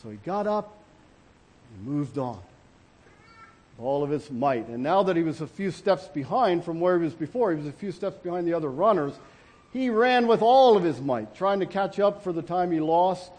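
A man preaching a sermon with a voice a little higher than most men's. He is earnest and halting, restarting his sentences and filling gaps with "you know" as he reaches for his words. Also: animated, a little mellow. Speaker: pastor.

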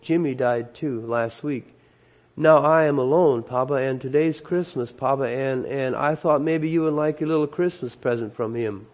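A man's voice: fairly high pitch, normal speed, darkish tone, natural voice. A ragged little girl begging in a tearful, lifted voice, as a male preacher puts her on. The voice sits raised and earnest, full of pleading, in a sermon story. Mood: sobbing.

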